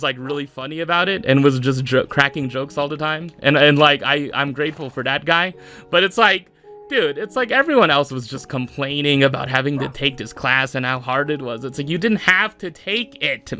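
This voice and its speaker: A man's voice: fairly high pitch, bright, forceful tone. A man in his mid-twenties hosting a solo podcast, rambling through an exasperated rant with lots of fillers. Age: mid-20s. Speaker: podcast host.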